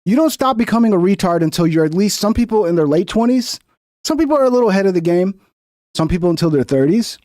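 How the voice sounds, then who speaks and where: A man's voice: sits high, expressive, fast, dark tone, dry recording, clean studio sound. A man hosting a political reaction show, swearing constantly, angry and sarcastic as he tears into a clip. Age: 30s or older. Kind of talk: profane political reaction commentary.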